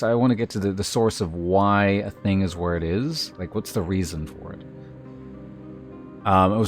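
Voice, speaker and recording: A man streaming, chatting casually with his viewers in a rambling way, with many restarts and filler words. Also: on the low side. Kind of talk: casual chat with live viewers.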